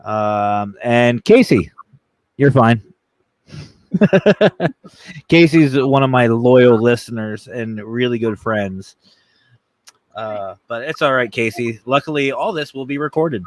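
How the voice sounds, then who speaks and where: A man hosting a casual talk show, telling a funny story in an animated, jokey way and acting out voices. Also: mid-range voice, a little slow, dry recording. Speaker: podcast host.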